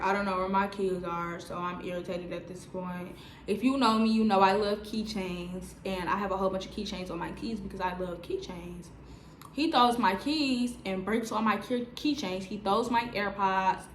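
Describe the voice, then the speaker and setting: A woman in her twenties telling a story on her vlog in a lively, slangy way, full of "like" fillers. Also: medium pitch, roomy sound, slight background noise. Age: 20s. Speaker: vlogger. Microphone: on-camera mic.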